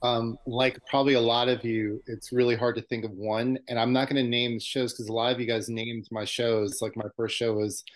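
A man in his fifties, from New York, telling a fan memory as a podcast guest in an excited, profane way. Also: medium pitch, fairly quick, few pauses. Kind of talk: casual storytelling.

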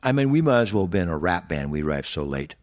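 A man's voice: low voice, big pitch swings, fast talker. An older man, a guitarist, casually telling stories from his touring days, rambling with restarts and acting out what people said. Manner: rambling, with restarts and acted-out quotes. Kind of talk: casual storytelling.

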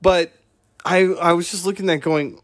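A man's voice: high-pitched, steady tone, moderate pace. A man hosting a podcast, talking through his views in a rambling, conversational monologue that keeps digressing. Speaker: podcast host. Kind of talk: casual monologue.

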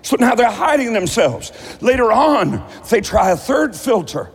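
A man's voice: sits high, sing-song, unhurried, slightly rough, big-room sound. A man preaching a sermon as a pastor, telling stories in a conversational way.

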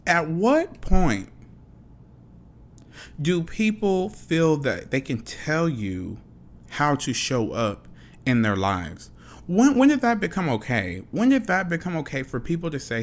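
A man's voice: a little high, huge pitch swings, slow. A man hosting a solo podcast, ranting frankly and passionately, swearing often and repeating himself. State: dry mouth. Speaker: podcast host.

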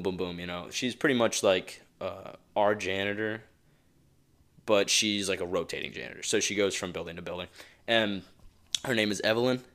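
A man's voice: deep voice, fairly bright tone. A young man hosting a motivational podcast alone, talking casually and rambling with many asides and chuckles. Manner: rambling and conversational, with frequent asides; chuckles often. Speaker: podcast host.

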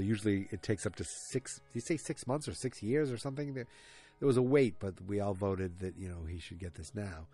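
A podcast host recaps an episode in a casual, rambling way, cracking jokes, adding asides, and interrupting himself. His lowish voice is warm and brisk, with soft music in the background.

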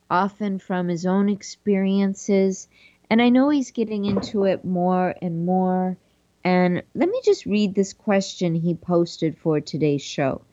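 Unhurried low-voiced woman reading aloud. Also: dark tone, dry recording, dull audio. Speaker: podcast host. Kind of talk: reading aloud with reflective commentary.

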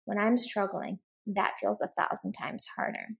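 A woman's voice: medium pitch, steady tone, unhurried, gravelly, slightly rough. A woman guest on a parenting podcast, talking earnestly and animatedly, full of "like" and "right?". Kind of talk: conversational interview.

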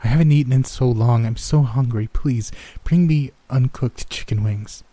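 A man's voice: medium pitch, moderate pace, dark tone, no room sound, pitched above the performer's own voice, close to an everyday voice. A man voicing an exhausted eight-year-old girl with a faint German accent, straining and pleading as she speaks. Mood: weary pleading. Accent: German hint. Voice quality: tired, strained on every word. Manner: urgent, pleading.

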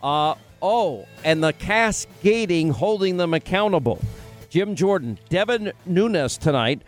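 A man's voice: sits high, lively intonation, measured pace, soft background music. A middle-aged man hosting a radio show, telling rambling stories with lots of restarts in casual banter. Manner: rambling, self-interrupting storyteller. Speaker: radio host.

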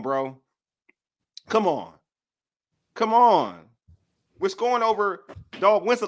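With a high, fairly bright voice and a DC-area American accent, a young sports podcast co-host gets worked up in casual discussion. He repeats himself again and again to make his point land.

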